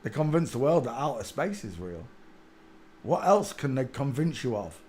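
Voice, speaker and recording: A man's voice: mid-range voice, sing-song, moderate pace, a little mellow. Preachy man. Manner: preachy, insistent, with filler hesitations. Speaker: channel host. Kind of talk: ranting monologue.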